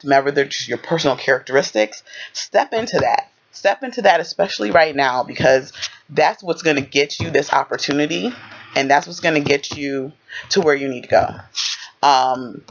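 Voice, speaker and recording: A man giving a rambling pick-a-card tarot reading, congested from a cold, with a slight lisp and halting restarts. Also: on the high side, creaky. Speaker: tarot reader. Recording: dull lo-fi audio.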